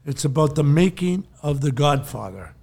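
An older man chats through a long, wandering anecdote on a podcast. His voice sits a little high and has a gravelly rasp. Light chuckles keep breaking into the story. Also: lively intonation, normal speed, darkish tone. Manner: rambling anecdotes, frequent chuckles. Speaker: podcast co-host. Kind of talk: casual storytelling chat.

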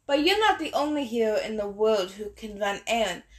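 A woman's voice: on the high side, expressive, normal speed, close to an everyday voice. A woman voicing a swaggering, mocking war god. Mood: taunting. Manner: swaggering, taunting. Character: brash mocking adult male war god.

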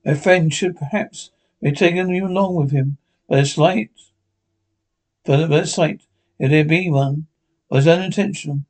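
A man voicing a calm, reasoning male doctor in a classic novel read aloud, speaking in a measured, reasonable way. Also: on the high side, close to an everyday voice.

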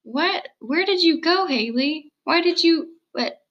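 A girl in her early teens co-hosting a casual video-call chat, giggly, chatty and quick to laugh at herself. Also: very high-pitched, lively intonation, a bit bright, highs cut off. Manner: giggly, chatty, self-deprecating. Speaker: co-host. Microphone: computer mic on video call.

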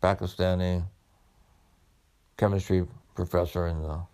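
A man's voice: sits low, level tone, measured pace, warm tone. A man who was once a police officer tells his own story about studying for medical school, in a reflective, conversational way. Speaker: former police officer turned medical student. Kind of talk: personal storytelling.

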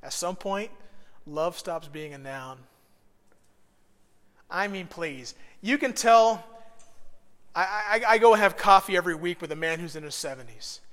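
A man preaching a sermon as a pastor. He talks conversationally, dropping to a hushed, earnest tone and then rising into loud bursts. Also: high voice, animated, measured pace, long pauses. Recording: long hall reverb.

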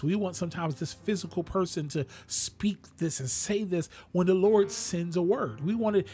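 A man's voice: high voice, a little mellow. A man preaching a radio sermon, talking straight to his listeners and rising to sudden exclamations.

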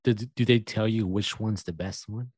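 A man's voice: lowish voice, moderate pace, a little mellow, slightly rough, no echo, clean studio sound. A man co-hosting a casual podcast, reacting in a laid-back way. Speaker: podcast co-host.

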